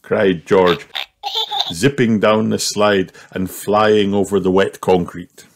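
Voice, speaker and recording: A man reading a children's storybook aloud, gentle and measured. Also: on the low side, steady tone, a little hiss or hum. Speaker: narrator.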